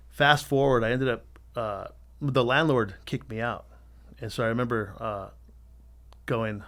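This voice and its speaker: A man's voice: medium pitch, moderate pace, pauses often. Candid, cursing middle-aged man. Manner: candid, swears freely, animated storyteller. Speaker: podcast guest, tattoo artist. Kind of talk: casual storytelling interview.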